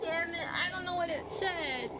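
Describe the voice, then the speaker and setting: A woman's voice: very high voice, moderate pace, very noisy. A young woman casually streaming a horror game, giggling and reading the game's text aloud. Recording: game music behind.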